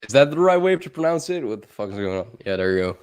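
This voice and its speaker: A man's voice: mid-range voice, sing-song, fast, a little mellow, clean tone. A young man with a Dutch accent, chatting loosely on a livestream, laughing and swearing as he rambles. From Netherlands. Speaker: livestream co-host. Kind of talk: casual livestream chat.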